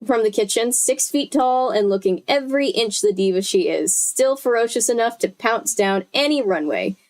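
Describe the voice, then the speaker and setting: A woman's voice: fairly high pitch, lively intonation, moderate pace, darkish tone. A young woman reading a novel aloud on a live stream in a chatty way, stopping to correct herself and talk to her chat. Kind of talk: casual live read-aloud.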